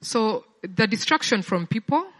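A woman's voice: on the high side, expressive, a little slow, fairly bright tone, long reverb tail. A woman giving a sermon-style personal testimony in a conversational way, often repeating words as she searches for them. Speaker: speaker sharing a personal testimony.

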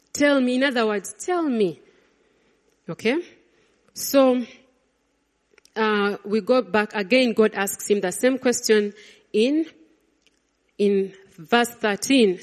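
A woman preaching a sermon, swinging between loud exclamations and hushed, quiet lines. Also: mid-range voice. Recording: long reverb of a large hall.

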